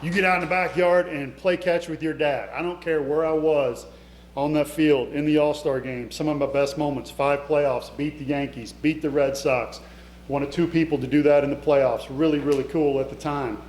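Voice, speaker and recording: Speaking at a fairly high pitch with fairly even intonation, a middle-aged keynote speaker tells motivational stories at normal speed. His tone is a little mellow, emotional and conversational, aimed straight at the audience, and the event hall echoes with a faint hum.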